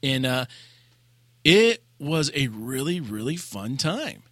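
A man co-hosting a casual gaming podcast, telling a raid story with lively acted-out quotes and laughter. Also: medium pitch, slow pace, dry recording, clean studio sound. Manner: animated storyteller, acts out quotes. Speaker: podcast co-host.

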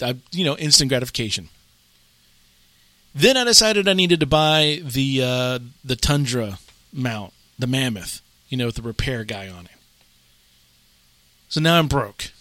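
A man's voice: mid-range voice, bright, forceful tone, no room sound. A man hosting a casual gaming podcast, rambling and self-amused, laughing often at his own jokes. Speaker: podcast host.

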